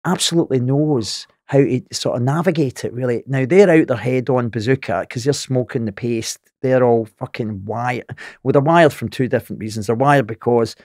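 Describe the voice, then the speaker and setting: A middle-aged Scottish man with a thick Glaswegian accent tells a wild story as a guest on a podcast. He's animated, swearing often and laughing throughout, in a medium-pitched voice at a moderate pace with a dry, close sound and no echo.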